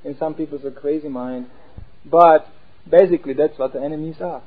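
A man giving an animated talk as a preacher, acting out voices as he explains. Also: on the high side, brisk. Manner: animated, acts out inner voices. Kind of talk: sermon-style talk. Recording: tinny phone-like sound.

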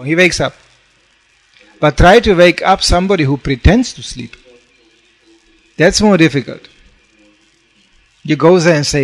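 A man's voice: fairly high pitch, normal speed, long pauses. Storytelling man preaching a sermon. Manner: storytelling with acted-out quotes, frequent "you know". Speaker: monk preacher.

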